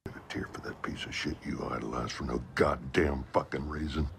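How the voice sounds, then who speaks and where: An actor playing a bitter older brother in a film, with a deep, gravelly voice and harsh, cursing lines. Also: male voice, fairly even intonation, fairly quick, background noise. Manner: harsh, swearing outbursts.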